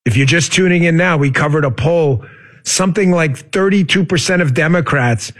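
A man hosts a casual political talk show in a high, somewhat husky voice at normal speed. His delivery is animated and turns sarcastic, sometimes leaping up into shouting.

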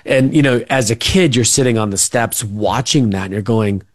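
A man's voice: mid-range voice, normal speed, hardly any pauses, no room sound, studio quality. Rambling man telling family stories. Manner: rambling, many fillers and restarts. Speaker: interview guest. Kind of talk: casual storytelling.

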